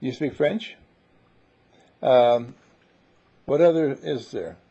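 A seminar leader with a gravelly, husky, medium-pitched voice speaks slowly in a casual group conversation, loose, rambling and playful, stopping and restarting. His tone is dark and mellow, and the lo-fi recording sounds dull.

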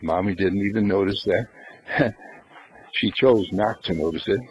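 A spiritual lecturer delivers an inspirational talk in a fairly low voice at a measured pace, posing rhetorical questions and then answering them. He acts out little everyday scenes in ordinary voices. The recording is rough.

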